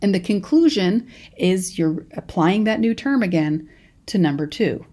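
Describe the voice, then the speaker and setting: With a lowish, warm voice and a moderate pace, a Californian woman in early adulthood delivers a college lecture that was recorded. She's a professor with a Californian accent who teaches chattily, telling stories and restarting often.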